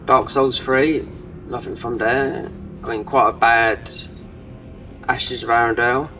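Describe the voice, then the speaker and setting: A man's voice: medium pitch, fairly even intonation, a little slow, bright, forceful tone, recorded from a distance, faint music behind, low-quality recording. A man giving rambling, casual commentary over a game he is playing, trailing off with frequent fillers. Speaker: gaming channel host.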